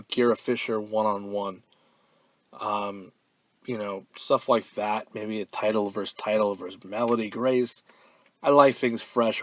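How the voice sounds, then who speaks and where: A man hosting a fan-mail podcast in a relaxed, offhand way, full of ums and uhs, now and then breaking into loud, profane excitement. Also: on the low side, dry recording. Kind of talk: casual podcast chat.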